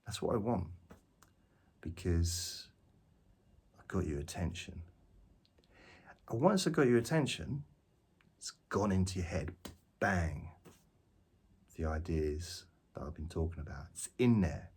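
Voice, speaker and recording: Deep husky man, jokey rambler. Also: lively intonation, measured pace, pauses often, a little mellow. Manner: jokey, self-mocking, digressive. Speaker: vlogger. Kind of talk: rambling spoken monologue to camera. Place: outdoors, walking around.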